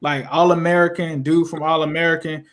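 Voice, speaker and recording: A man hosting a casual live-stream chat, animated and leaning on "bro" as he talks. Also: a little high, a little fast. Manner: animated, says bro a lot. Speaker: host.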